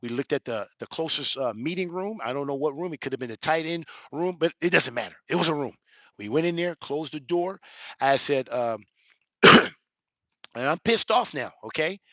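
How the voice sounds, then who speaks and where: A man in his forties, an elder, telling a personal story with emphatic rhetorical questions and building toward near shouting. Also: fairly high pitch, expressive, normal speed, no room sound, lo-fi sound. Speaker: elder giving a reaction commentary. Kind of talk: animated personal storytelling commentary.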